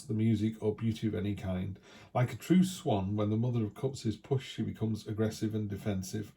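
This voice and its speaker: A man talks through a weekly tarot reading in a chatty, reassuring manner. His voice is low, gravelly and husky. It has a dark, mellow tone. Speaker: tarot reader.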